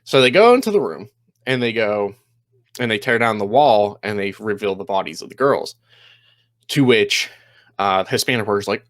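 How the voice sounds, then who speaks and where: A man casually recapping a TV episode, rambling, with lots of fillers and quick quoted lines. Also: lowish voice, lively intonation, a bit bright, no echo.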